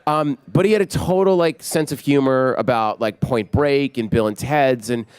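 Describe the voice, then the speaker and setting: A man in his forties, a film director telling lively anecdotes in an interview and acting out what others said. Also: medium pitch, normal speed, clean tone, dry recording. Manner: energetic anecdotes, acting out quotes. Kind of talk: animated storytelling in an interview.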